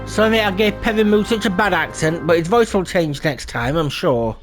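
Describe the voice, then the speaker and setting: A man's voice: high-pitched, normal speed, hardly any pauses, soft background music. A man giving casual gameplay commentary with wry, self-deprecating asides. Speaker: game streamer.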